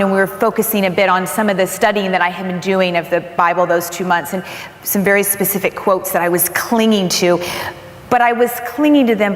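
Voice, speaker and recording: A woman giving a motivational keynote speech, telling a personal story in an earnest, animated way. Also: mid-range voice, reverberant, in a large hall. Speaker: keynote speaker. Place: large conference hall.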